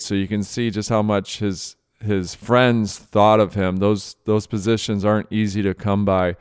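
A man's voice: fairly low pitch, a little mellow, clean tone, dry recording, studio quality. A male host, a father, giving earnest spoken commentary with emotion in his voice, often repeating phrases. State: voice thick with emotion. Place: Austin, Texas.

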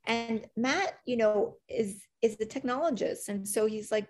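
A middle-aged woman, an agency CEO, telling stories in an interview, animated and full of fillers, acting out quoted lines. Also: fairly high pitch, measured pace, few pauses. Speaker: agency CEO, podcast guest. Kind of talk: conversational interview storytelling.

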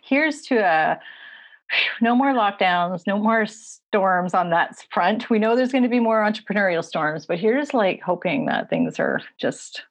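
A woman hosting a podcast, chatting warmly and effusively with a guest and laughing easily. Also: medium pitch, lively intonation, unhurried, no echo. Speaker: podcast host. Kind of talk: casual interview chat.

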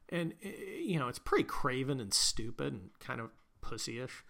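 A man's voice: mid-range voice, animated, moderate pace, vocal fry, hardly any pauses, fairly bright tone. A man hosting a podcast, ranting sarcastically and profanely in a rambling way. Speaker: podcast host. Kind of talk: sarcastic political rant.

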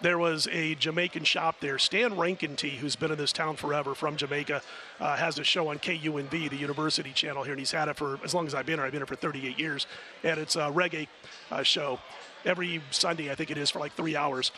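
A man's voice: on the high side, fast, a little hiss or hum. A middle-aged man guesting on a sports betting radio show, rambling through stories in casual chat. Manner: rambling storyteller, chatty and animated.

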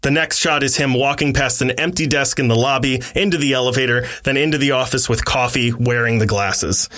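A man's voice: medium pitch, fairly quick, sharp tone. A man, a podcast host, casually narrating a story scene by scene.

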